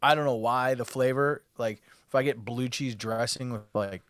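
A man co-hosting a podcast in casual chat, rambling with lots of halting restarts. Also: medium pitch, fairly even intonation, fairly bright tone, no room sound. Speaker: podcast co-host.

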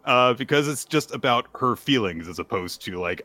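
A man's voice: medium pitch, normal speed. A man co-hosting a manga podcast, chatting casually and acting out characters' lines with lots of laughter. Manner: animated, acts out character lines in exaggerated voices with frequent laughter. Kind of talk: casual chat recapping manga chapters.

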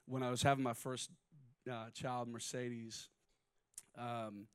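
A man preaching a sermon, moving between quiet personal stories and loud, rising exhortation. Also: medium pitch, little pitch movement, slow pace, clear, resonant tone. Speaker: pastor.

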